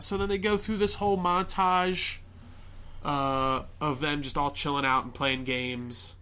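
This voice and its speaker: A man's voice: on the high side, fairly even intonation, a little slow, bright, forceful tone, slight background noise. A man hosting a podcast, casually retelling a movie plot in a rambling way, full of fillers and swearing. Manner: rambling, many fillers and swearing, quotes characters. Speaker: podcast host.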